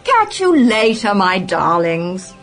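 A woman's voice: mid-range voice, sing-song, slow, soft background music, exaggerated voice. A woman playing a plummy, gushing society lady. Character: gossipy, theatrical upper-class woman, cheerfully indulgent.

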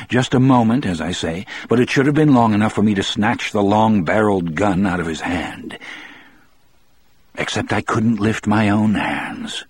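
A man narrating an audiobook in the first person, measured and reflective. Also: deep voice, husky.

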